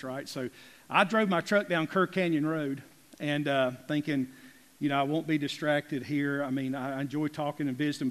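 A man preaching a folksy, emphatic sermon as pastor, rising to loud peaks and dropping to near whispers. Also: on the high side, in a large hall. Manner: folksy, emphatic preaching with big swings in loudness. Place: church sanctuary.

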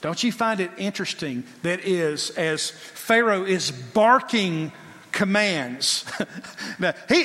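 A male preacher with a bright, high voice delivers an emphatic sermon at an unhurried pace. He leans on rhetorical questions aimed at the congregation, and a long hall reverb trails his words.

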